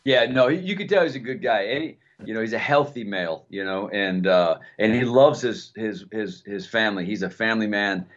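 Low-voiced man telling an animated story. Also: fairly quick, few pauses. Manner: animated storytelling with many restarts. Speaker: co-host. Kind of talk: casual chat. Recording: dull lo-fi sound.

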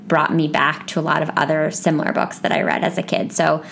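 A woman's voice: deep voice, level tone, fairly quick, vocal fry, a bit bright. A woman hosting a book podcast, chatting with enthusiasm about books and reading. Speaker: podcast host. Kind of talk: casual book chat.

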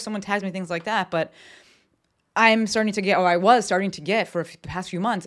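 A woman hosting her own podcast, talking candidly and bluntly in a casual solo monologue, with casual swearing and animated asides. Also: medium pitch. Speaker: podcast host.

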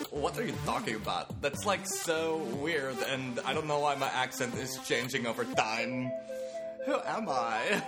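A man putting on a giddy, over-excited sidekick voice, silly and mock-enthusiastic, over loud music. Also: medium pitch, measured pace, voice pushed up. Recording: music playing loudly behind.

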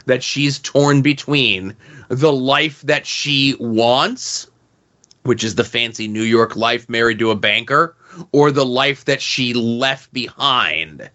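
A man's voice: medium pitch, slow pace, sharp tone, highs cut off. A man hosting a casual movie review chat, sarcastic and rambling, full of "like" and "okay?" asides. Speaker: podcast host.

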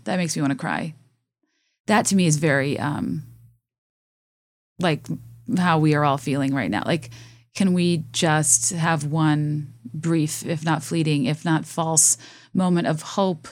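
A young woman with a low, dry-sounding voice talks casually about songs. She muses and hesitates, full of fillers. She reads lyrics aloud between her thoughts. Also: a little slow, long pauses, a little mellow, no echo. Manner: musing, hesitant, many fillers. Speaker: music vlogger reacting to songs.

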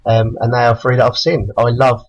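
A man's voice: mid-range voice, level tone, brisk, dull audio. A man from England leaving a recorded call-in message for a podcast, laid-back and hesitant with many ums and casual swearing. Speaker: caller leaving a voicemail.

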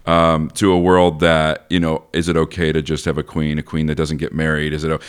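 Casting: man, very low smooth voice, chatty co-host talking plays. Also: a little fast. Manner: animated, thinks aloud with restarts and laughs. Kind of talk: casual literary discussion.

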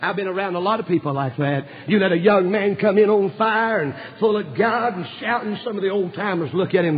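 A man's voice: high-pitched, a little fast, hardly any pauses. A male preacher, preaching an impassioned storytelling sermon full of "uh" fillers. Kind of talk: fervent sermon. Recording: dull recording with long hall reverb.

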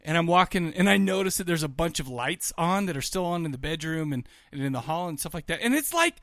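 A man co-hosting a podcast in casual chat, telling a rambling, animated story with laughs. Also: a little high, quick pace, no room sound, clean studio sound. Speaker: podcast co-host.

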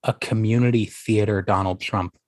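A man's voice: fairly low pitch, steady tone, moderate pace, no echo, clean studio sound. A man in a casual podcast chat, rambling and hesitant with many fillers.

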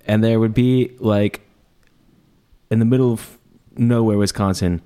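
A man's voice: lowish voice, fairly even intonation, a little slow, warm tone, clean tone. A man co-hosting a podcast, rambling casually with frequent chuckles and some swearing. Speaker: podcast co-host. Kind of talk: casual chat.

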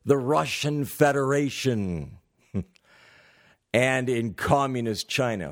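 A man delivering a political commentary monologue, deliberate and given to sarcastic asides. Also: medium pitch, expressive. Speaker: commentary host.

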